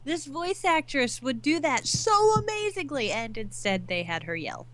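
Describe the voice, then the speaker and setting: A woman's voice: sits high, big pitch swings, a little slow, fairly bright tone. A woman co-hosting a podcast, chatting casually and explaining her opinions thoughtfully. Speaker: podcast co-host. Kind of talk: casual chat.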